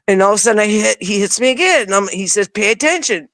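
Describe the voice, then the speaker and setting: Quick and medium-pitched, this woman's voice comes through with no echo. As a guest on an interview, she recounts something from her own life in relaxed, informal language, lively as she replays her past lines.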